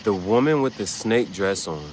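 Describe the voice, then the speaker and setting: A man hosting a livestream, giving casual, rambling, slangy commentary with sudden loud, excited bursts. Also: on the low side, moderate pace, slight background noise, poor audio. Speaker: livestream host.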